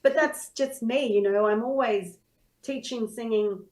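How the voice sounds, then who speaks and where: A woman's voice: a little high, measured pace, a little mellow, rough recording. A woman who is a singer and singing teacher, telling her story in a casual interview and acting out her own past thoughts.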